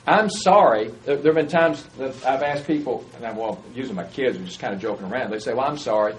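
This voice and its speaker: Speaking fast at a medium pitch, a man delivers a conversational sermon and regularly poses questions to the people listening. The recording quality is low.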